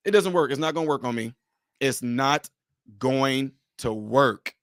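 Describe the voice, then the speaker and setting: A man's voice: mid-range voice, measured pace, no echo, studio quality. A man hosting a casual livestream, talking straight to his viewers, repeating his points emphatically. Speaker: livestream host.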